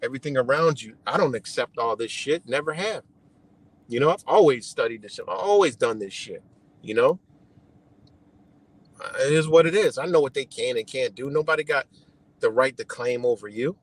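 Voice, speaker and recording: A man from the United States, medium in pitch and expressive at a moderate pace, rants casually on a live stream. The recording is dry and rough. His tone is heated and profane, and he circles back over his points, ending them with "you know."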